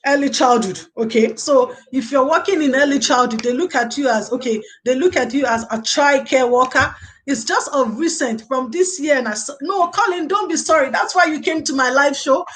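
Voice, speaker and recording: An early childhood lecturer hosts a casual live stream, answering viewers' comments in a wandering way and leaning on "okay" and "you know." Her voice is high-pitched.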